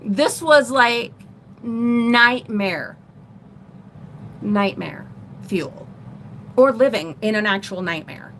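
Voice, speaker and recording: A middle-aged woman vlogger telling a personal story in a rambling, animated way on a casual livestream. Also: fairly high pitch, extremely slow, long pauses, a little hiss or hum. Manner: rambling, animated retelling with laughs.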